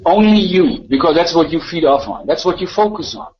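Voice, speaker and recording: A man's voice: on the high side, animated, fairly quick. A man ranting argumentatively in a live voice chat room, repeating himself and mocking others. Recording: dull lo-fi voice chat audio.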